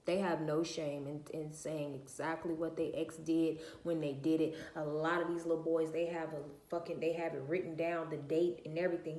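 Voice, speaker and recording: A woman's voice: sits low, little pitch movement, moderate pace, hardly any pauses, mellow. A woman, venting bluntly and profanely to her viewers in a casual rant. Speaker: vlogger. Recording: echoey room.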